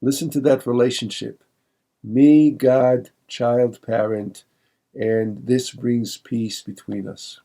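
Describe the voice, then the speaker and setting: A rabbi giving a Torah teaching in a very dark, mellow voice at a middle pitch. He rattles off verses, then slows down to explain them with many pauses and fillers, asking the listener questions as he goes. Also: steady tone. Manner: reads Hebrew verses quickly, then translates slowly with many fillers; reflective, poses questions to the listener.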